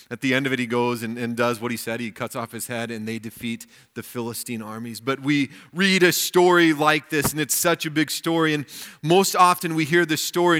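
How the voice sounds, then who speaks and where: A man's voice: on the high side, fairly bright tone. A male pastor giving a weekend sermon, reading scripture aloud and commenting on it.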